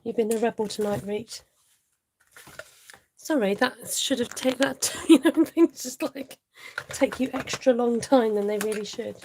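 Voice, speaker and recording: Woman, craft stream host, mellow voice, chatty and self-talking, casual live demo. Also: on the high side, unhurried, slight background noise. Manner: chatty, thinks aloud, greets viewers, often laughs.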